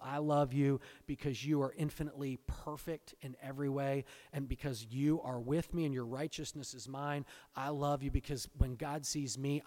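A man preaching a sermon, swinging between hushed, intense lines and loud, exultant emphasis. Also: mid-range voice. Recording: long hall reverb.

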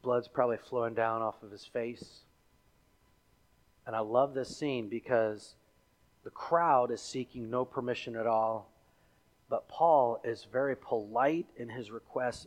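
A male pastor preaching a sermon, telling the story with animated delivery and acting out the characters and crowd. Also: medium pitch, a little slow.

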